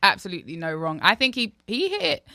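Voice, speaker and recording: A young British woman, a singer guest in a radio studio, talking in a relaxed, thoughtful way with a lot of fillers. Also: mid-range voice, a little fast, creaky, no echo. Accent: British English. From England. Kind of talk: casual radio interview.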